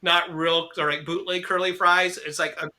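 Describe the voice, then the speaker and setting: A young American man co-hosting a podcast in casual chat, rambling, profane and excitable. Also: sits high, normal speed. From United States. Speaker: podcast co-host.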